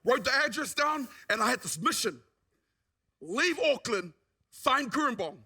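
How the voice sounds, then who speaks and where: Testimony speaker: man, very high and bright voice, lively storyteller. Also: a little slow, husky. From New Zealand. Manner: animated storyteller who acts out what people said. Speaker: guest speaker giving a testimony.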